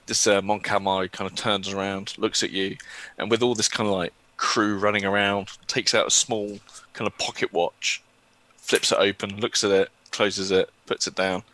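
A man's voice: on the low side, little pitch movement, normal speed, pushed and bright. A man narrating a tabletop role-playing game as game master, talking with frequent hesitations. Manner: hesitant, many ums, chuckles.

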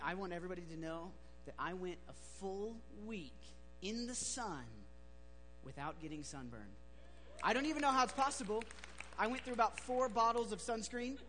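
A man's voice: high voice, fairly bright tone. A man preaching a sermon, telling a story in a chatty, joking way with many fillers. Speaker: pastor. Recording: reverberant hall, faint hum.

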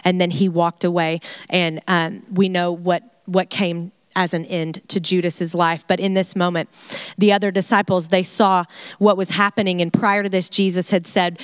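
A woman leading a casual Bible study, chatty and animated, with playful asides and laughter. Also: lowish voice, moderate pace, smooth, dry recording.

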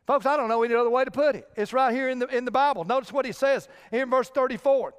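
A man's voice: extremely high pitch, fast, hardly any pauses, clear, resonant tone, in a large hall. A male pastor preaching a sermon with emphatic direct appeals to his congregation.

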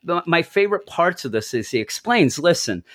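A married man casually reviewing a comic book with a co-host, lively, acting out bits of dialogue in bursts. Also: brisk. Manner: animated, acts out quoted lines in jumps of pitch.

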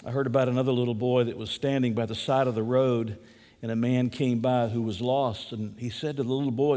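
A man's voice: medium pitch, steady tone, brisk, mellow. Male preacher in a reverberant hall. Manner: prayerful, then storytelling and teaching. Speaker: pastor. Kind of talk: sermon.

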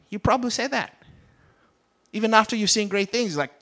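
A man's voice: high voice, quick pace, a bit bright. A man preaching a sermon with a British accent, acting out the Bible characters as he goes. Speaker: pastor.

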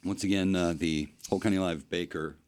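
A man co-hosting a talk show in casual chat, talking haltingly and restarting his sentences. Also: deep voice, steady tone, a little mellow. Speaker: co-host.

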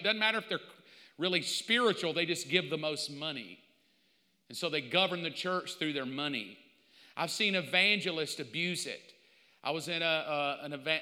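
A man preaching a sermon as pastor, telling stories with lively mock quotes. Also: a little high, long reverb tail. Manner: animated storytelling with mock quotes.

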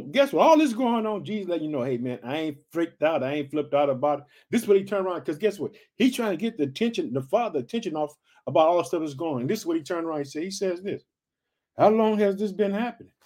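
High-pitched guy preaching hard, fired up, keeps calling everyone family. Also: expressive, quick pace, hardly any pauses, darkish tone. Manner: fired-up, repeats catchphrases, calls listeners family. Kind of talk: energetic sermon.

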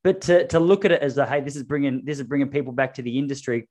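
A man's voice: mid-range voice, fairly even intonation, fast, a little mellow. A man hosting a casual podcast chat, talking a point through thoughtfully. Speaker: podcast host.

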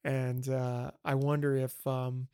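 Casting note: a man, film podcast co-host, excitable, rambly, from the South. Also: medium pitch, slow pace, clear, resonant tone. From American South. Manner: enthusiastic, rambling with fillers. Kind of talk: casual film chat.

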